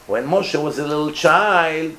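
Man, lively Torah class, slightly high voice, echoey hall, faint background noise. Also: a little slow. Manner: animated, asks the listeners questions, acts out voices. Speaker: rabbi giving a Torah class. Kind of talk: informal Torah lecture to a live group.

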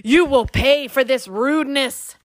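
A woman voicing a tiny, haughty fairy king who gives commands in a squeaky voice. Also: a little slow, no echo, studio quality. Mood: commanding.

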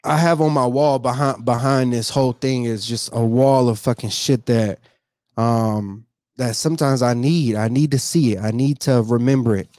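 A man's voice: mid-range voice, steady tone, normal speed, a little mellow, no room sound. Emotional man ranting casually, dry close sound. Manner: casual slangy, heavy cursing, repeats himself. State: emotional, near tears. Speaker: vlogger. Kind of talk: emotional personal vlog monologue.

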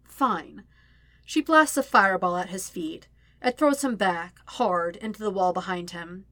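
A woman reading a story aloud as narrator, with steady, even storytelling. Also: mid-range voice, moderate pace, no room sound. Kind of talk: audiobook-style fan fiction reading.

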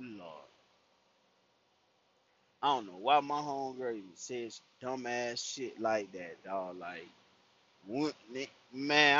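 Animated slang-heavy man, dull recording. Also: medium pitch. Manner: animated, profane street slang, voices the people he quotes. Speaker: storyteller. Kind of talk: casual personal anecdote.

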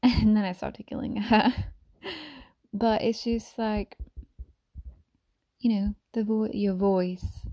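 A mother shares her reflections in a soft, ASMR-style voice that often slips into a whisper, mellow and dark with lots of gravelly vocal fry. Medium-pitched and slow, she meanders with long pauses, frequent ums and restarts.

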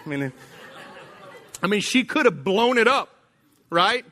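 A man preaching a sermon as pastor, telling a story with animated delivery and acting out the voices of its people. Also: sits high, a little slow, pauses often.

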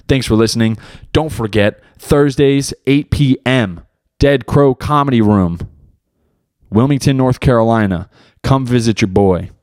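A man's voice: mid-range voice, darkish tone, no room sound, studio quality. A young man hosting his own podcast in casual solo talk, loose and rambling, heavy on slang and swearing. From United States. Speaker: podcast host and beginner stand-up comic.

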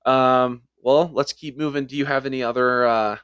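A man's voice: medium pitch, steady tone, moderate pace, fairly bright tone, clear, resonant tone, no echo, dull audio. A man co-hosting a casual podcast, telling stories and reading listener reviews aloud. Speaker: podcast co-host.

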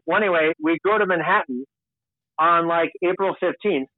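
A man's voice: a little high, moderate pace, dry recording. Male podcast guest from Long Island, candid rambling storyteller, dry tinny audio. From Long Island, New York. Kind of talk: casual storytelling. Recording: tinny, dry phone-like sound.

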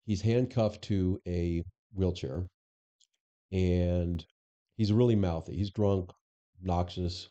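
Deep, dark-voiced man telling stories. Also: takes it slowly, muffled recording. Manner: animated storyteller who acts out quoted dialogue, frequent restarts. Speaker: former police chief, podcast guest. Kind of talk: casual interview storytelling.

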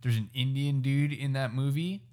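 A man co-hosting a casual chat, loud and laid-back, saying "dude" a lot. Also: medium pitch, moderate pace.

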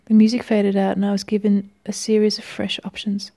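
A woman reading a first-person story aloud in a wry, measured way, sometimes dropping to a hush. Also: mid-range voice, monotone. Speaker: reader.

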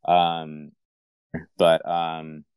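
A man's voice: extremely low pitch, monotone, very slow, darkish tone, clear, resonant tone, no echo. A man co-hosting a live audio call, speaking in a hesitant, laid-back way full of fillers. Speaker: co-host.

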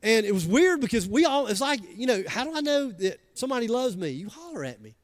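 A man with a Southern US accent preaching a sermon, chatting with the congregation between soft asides and loud emphatic lines. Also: very high voice, big pitch swings, fast. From American South. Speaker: pastor.

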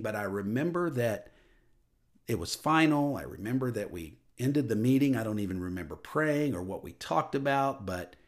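A man giving a personal testimony into a microphone, telling a story earnestly and dropping soft and low at emotional moments. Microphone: studio microphone.

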